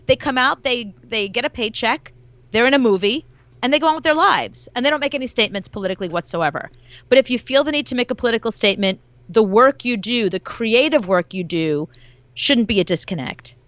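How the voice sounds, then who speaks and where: A woman's voice: fairly high pitch, quick pace, no echo, dull audio. A woman as a guest commentator in a casual interview, talking animatedly and acting out quotes as she goes. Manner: animated, acts out quotes in her own telling. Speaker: guest commentator, celebrity journalist.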